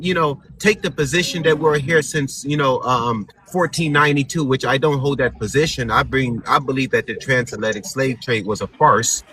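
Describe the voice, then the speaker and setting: A man's voice: a little high, pushed and bright, a little hiss or hum. A man arguing his point in a casual panel discussion. He repeats points for emphasis and acts out the questions people ask him.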